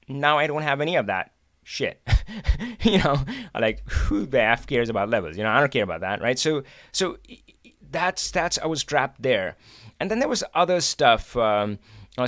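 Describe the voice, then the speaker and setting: A man hosting a live stream, telling stories from his old job in a chatty, animated way, with many restarts and laughs. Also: mid-range voice, no room sound. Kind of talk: casual live-stream storytelling.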